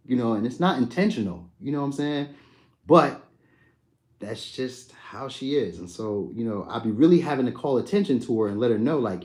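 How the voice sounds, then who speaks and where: A young adult man talks loosely and easily on a live stream, picking up viewers' comments as they come in. His delivery is relaxed and slangy, with a friendly back-and-forth feel. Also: medium pitch, a little fast. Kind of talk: casual live chat reading comments.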